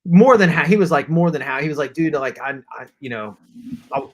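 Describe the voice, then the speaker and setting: A man's voice: fairly high pitch, lively intonation, fairly quick. A man on a collectors' live stream telling a long story in casual chat, acting out quotes and padding with fillers. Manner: rambling anecdote with acted-out quotes, many fillers.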